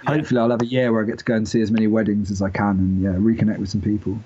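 A man's voice: lowish voice, flat delivery, rapid-fire, warm tone, slightly rough. A young man, talking casually as a podcast guest in a rambling, self-deprecating way. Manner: rambling and self-deprecating, with many restarts and laughs. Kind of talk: casual interview chat. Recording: dull lo-fi podcast audio.

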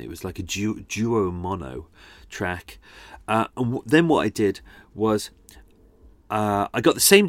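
Guy rambling about editing his podcast, lowish voice, dry close sound. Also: dry recording. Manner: chatty, self-deprecating, halting explanations. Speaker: podcast host. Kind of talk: casual behind-the-scenes talk about audio editing.

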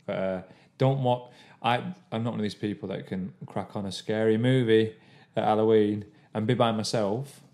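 Rambling man, low-pitched. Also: steady tone, moderate pace, hardly any pauses, a little mellow. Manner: rambling, restarts his stories. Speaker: podcast co-host. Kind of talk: casual chat.

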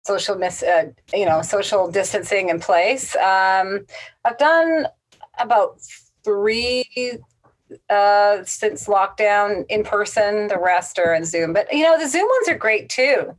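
A woman speaks as a casting director in a casual interview. Her manner is blunt and straight-shooting, and she gives direct advice without softening it. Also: mid-range voice, lively intonation, takes it slowly.

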